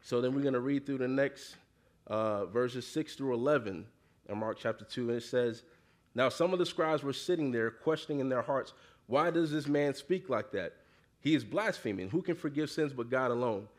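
A man's voice: medium pitch, moderate pace. A man preaching a casual sermon, reading scripture and talking it through in a conversational, slangy way full of "you know" and calls for the congregation to answer back.

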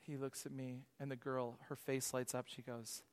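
A man in his thirties, a pastor preaching a lively sermon with storytelling asides. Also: medium pitch, normal speed, smooth.

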